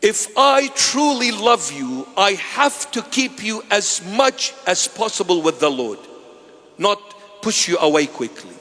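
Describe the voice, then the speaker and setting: A man preaching a sermon as a bishop in church, swinging between loud and hushed phrases and acting out quoted dialogue. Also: high voice, big pitch swings, measured pace, big-room sound, soft background music. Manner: preaching with sharp rises and drops in loudness.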